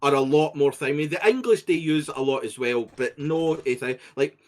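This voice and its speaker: A man's voice: fairly high pitch, normal speed. Swearing Scottish man, chatty co-host. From Scotland. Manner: swears freely, rambling restarts, laughs at own jokes. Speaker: podcast co-host. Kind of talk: casual chat.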